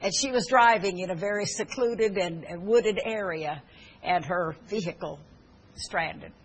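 A woman's voice: on the low side, a little slow, breathy edge, poor audio. A woman preaching a sermon, telling stories earnestly with fillers and restarts, and urging her listeners fervently.

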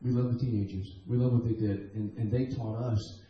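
The sound is dull and echoey, recorded in a church hall, as a man preaches a testimony sermon in the sanctuary. This guest preacher speaks fairly quickly in a steady, mid-range voice, telling stories earnestly and animatedly with many restarts.

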